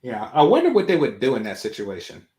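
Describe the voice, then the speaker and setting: A man's voice: medium pitch, huge pitch swings, quick pace, dark tone. A man chatting casually as a co-host, his mid-range voice wandering through thoughts with plenty of fillers. The room around him rings with a noticeable echo. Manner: loose, rambling, many fillers. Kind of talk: casual reaction chat. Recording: roomy echo.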